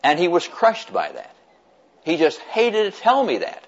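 An older American man telling a personal story to an audience, animated and chuckling, acting out what others said. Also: sits high, measured pace, dull audio. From United States. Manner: animated, chuckling storyteller who acts out quoted voices.

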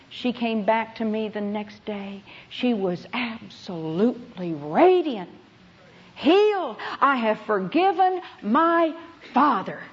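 A woman's voice: on the high side, dull audio. A woman Bible teacher giving a sermon to a conference audience, telling stories with emphasis and speaking to them directly.

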